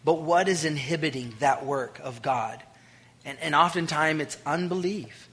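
A male pastor preaching a sermon, swinging between loud declarations and hushed, intimate lines and acting out the voices in his stories. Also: a little high, moderate pace. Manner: acts out quoted voices.

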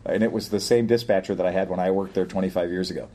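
A man's voice: low voice, rapid-fire, hardly any pauses, mellow, a little hiss or hum. An older man in casual podcast chat, telling a long story in a rambling way and chuckling often. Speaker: podcast co-host.

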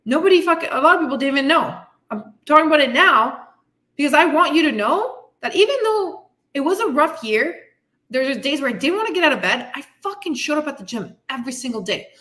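A woman's voice: high-pitched, expressive, brisk, a bit bright. A woman fitness coach hosting her podcast, giving a blunt, frustrated, swearing tough-love pep talk. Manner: frustrated, venting. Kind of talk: candid motivational monologue.

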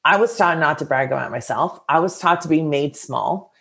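A woman's voice: deep voice, moderate pace, gravelly, a bit bright. A woman coach giving a casual, earnest motivational talk to her listeners, encouraging and full of filler words.

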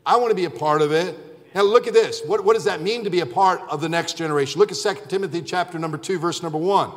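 A man's voice: sits high, a little fast, in a large hall. A man in his forties preaching a fiery evening sermon as pastor, emphatic and impassioned, driving home repeated refrains. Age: 40s. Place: church sanctuary.

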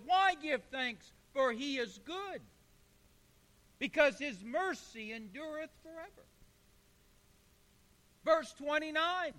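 A man's voice: extremely high pitch, lively intonation, slow, pauses often, pushed and bright. A male pastor preaching a sermon, building emphatic repeated lists and calling the congregation to answer back. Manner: emphatic repetition, call-and-response with congregation. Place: church sanctuary. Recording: long reverb of a church hall.

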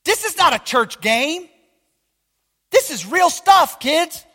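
High-voiced fiery preacher in a hall. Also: male voice, very animated, slow, bright, forceful tone. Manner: emphatic, fiery, questions the congregation often. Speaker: pastor. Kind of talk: sermon. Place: church. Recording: long hall reverb.

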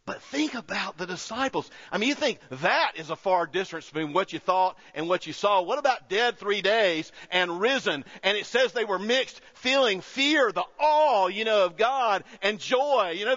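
High-voiced pastor in a reverberant sanctuary. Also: male voice, expressive, normal speed, hardly any pauses, fairly bright tone. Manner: conversational preaching, swelling to emphatic peaks. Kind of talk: sermon. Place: church sanctuary. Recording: dull sound with long hall reverb.

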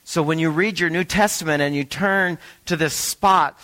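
Bright-voiced man preaching a sermon. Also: on the high side, normal speed, rough recording. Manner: conversational preaching, asks the listeners questions. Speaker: pastor.

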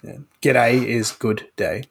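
A man's voice: medium pitch, slow pace, gravelly, slightly rough. An Australian man co-hosting a podcast, casually explaining slang with lots of fillers. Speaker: podcast co-host. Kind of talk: casual chat.

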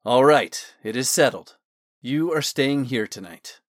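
A man's voice: medium pitch, animated, a little slow, no echo, studio quality, lightly acted. A man reading the lines of a caring older-brother figure in an audiobook, teasing yet firm. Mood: playful firm.

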